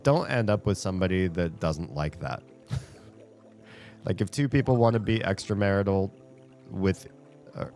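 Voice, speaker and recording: Casting: male streamer, very low voice, loose rambling chat over a game, faint music underneath. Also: a little mellow. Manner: rambling, thinks aloud, chuckles often. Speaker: streamer playing a rhythm game. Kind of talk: casual chat while gaming.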